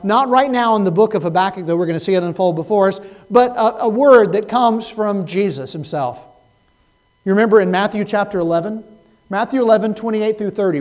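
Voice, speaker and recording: A man preaching a Sunday sermon as pastor, swinging from loud, pleading cries to hushed, soft words. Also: high voice, rough recording.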